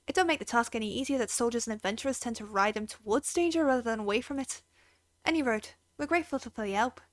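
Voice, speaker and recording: A woman's voice: a little high, no room sound, close to an everyday voice. A woman voicing a chatty game stable keeper in a put-on Irish accent, with folksy, rambling delivery.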